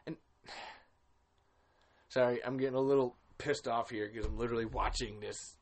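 A man's voice: medium pitch, steady tone, a little slow. A man hosting a casual film commentary podcast, ranting with exasperation and swearing freely. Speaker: podcast host.

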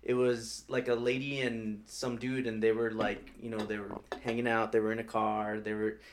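A man's voice: lowish voice, flat delivery, normal speed. Man, casual podcast chat, laid-back, filler-heavy storytelling. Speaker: podcast co-host. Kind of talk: casual chat among friends.

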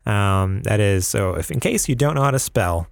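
A man from upstate New York co-hosts a casual podcast, chatting, laughing often, and reading plugs full of rambling asides. His voice sits on the low side and is expressive and creaky, at normal speed. The recording is studio quality, with no echo.

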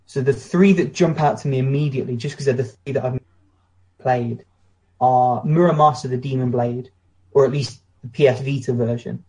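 A man's voice: medium pitch, fairly even intonation, moderate pace, warm tone. A British man co-hosting a casual podcast chat, blunt and opinionated, telling anecdotes. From Britain. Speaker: podcast co-host.

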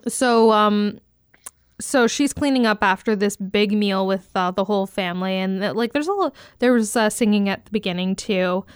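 A woman's voice: medium pitch, normal speed, clear, resonant tone, no echo, studio quality. A woman with a Canadian East Coast accent, co-hosting a casual podcast chat in a rambling, self-teasing way. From Eastern Canada. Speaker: podcast co-host.

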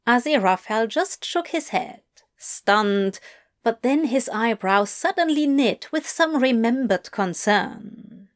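A woman narrating a romance story in an unhurried, expressive reading voice. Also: on the high side. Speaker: story reader. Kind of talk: audiobook narration of fan fiction.

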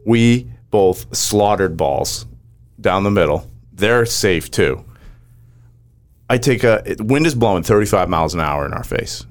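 A man in casual chat, animatedly recounting a match shot by shot. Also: fairly low pitch. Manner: animated storyteller, rapid play-by-play recounting.

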